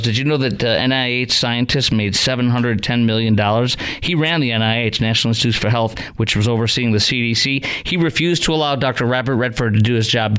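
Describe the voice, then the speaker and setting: A man hosting a talk radio show, ranting with rising anger and then settling into calm talk to callers. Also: mid-range voice. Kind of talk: opinionated talk radio monologue.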